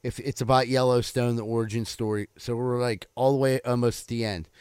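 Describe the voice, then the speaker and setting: A man's voice: medium pitch, fairly even intonation, brisk, darkish tone, smooth, no room sound, studio quality. A man co-hosting a podcast, telling a story in casual banter, his voice jumping up when indignant. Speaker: podcast co-host.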